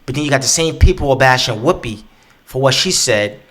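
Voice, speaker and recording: A man's voice: medium pitch, brisk. A man hosting a podcast, ranting casually and profanely and acting out other people's voices. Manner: profane, animated, acts out quoted voices. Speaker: podcast host.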